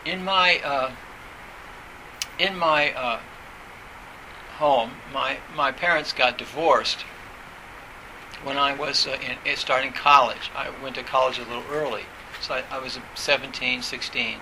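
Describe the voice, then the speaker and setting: A man giving a reflective talk on meditation, speaking haltingly with many pauses, fillers and restarts. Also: medium pitch, fairly even intonation, background noise.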